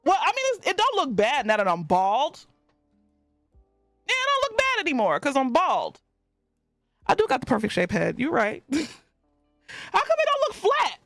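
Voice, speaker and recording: A woman's voice: high voice, wildly swooping pitch, normal speed, long pauses, a bit bright, no room sound, clean studio sound, soft background music. A woman streaming live and reading chat messages aloud, talking in a casual way and laughing often.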